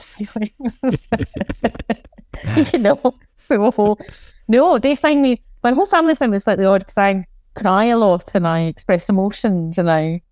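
Scottish woman, forties, interview guest, candid, self-deprecating, mid pitch, dry studio sound. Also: darkish tone, no room sound. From Scotland. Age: 40s. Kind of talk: casual interview chat.

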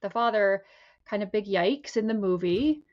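A woman's voice: medium pitch, normal speed. A woman co-hosting a podcast as a clinician, talking in a hesitant, reflective way. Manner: hesitant, reflective, many fillers. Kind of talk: casual chat. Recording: dull lo-fi mic.

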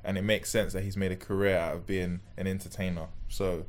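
Give me a young man, low voice, a jokey podcast guest. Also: brisk. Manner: jokey, animated storyteller. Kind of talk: casual chat.

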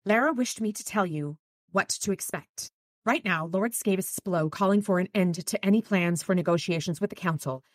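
A woman's voice: medium pitch, no room sound. Chatty woman recapping a novel, dry sound. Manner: reads quotes from the book with light voices, chatty asides. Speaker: podcast host recapping a book. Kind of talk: casual book recap with read-aloud passages.

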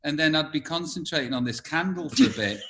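On-man, podcast co-host, hesitant, dry wit, slightly high bright voice. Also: quick pace. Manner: rambling, hesitant, dry humor. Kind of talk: casual chat.

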